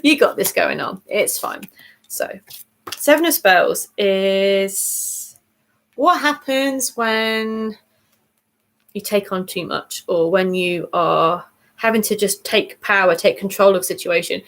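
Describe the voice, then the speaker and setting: A woman's voice: medium pitch, animated, a little slow, vocal fry, pauses often. A woman hosting a casual weekly tarot reading video, chatty and bubbly, laughing easily and often correcting herself as she goes. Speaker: tarot reader.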